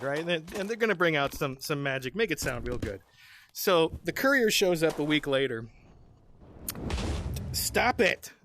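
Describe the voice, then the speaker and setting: A man hosting a gaming channel, telling a story casually while he plays, laughing often and tossing in sarcastic asides. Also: a little high. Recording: steady background noise with clicks.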